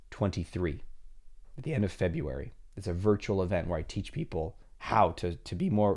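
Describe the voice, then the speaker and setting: A middle-aged man with a fairly low voice talks to his listeners in a relaxed podcast monologue. He slips into short acted-out dialogues with family members, his pitch jumping up for them. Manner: conversational, acts out imagined dialogues with lively pitch jumps. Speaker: podcast host and therapist.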